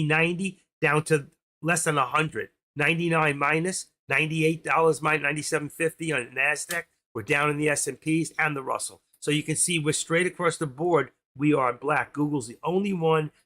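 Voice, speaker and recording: A middle-aged man hosting a trading livestream, talking casually and fast as he walks viewers through charts and watch lists. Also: a little high, bright, forceful tone. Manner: rambling, talks fast while clicking through charts. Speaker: stock trading livestream host. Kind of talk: casual live screen-share commentary.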